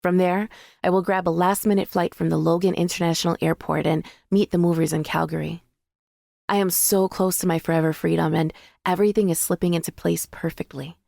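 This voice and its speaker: A woman reads a first-person audiobook in a measured, intimate way. Her fairly low voice carries a gravelly, fried texture. The recording is close and dry, from a studio booth. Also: steady tone, dark tone, dry recording. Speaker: audiobook narrator.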